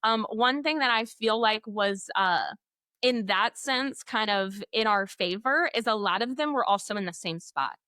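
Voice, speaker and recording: A woman educator in an interview, telling classroom stories in an animated way, acting out students and laughing often. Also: medium pitch, unhurried, no echo, studio quality. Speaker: guest, literacy educator. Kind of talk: conversational interview.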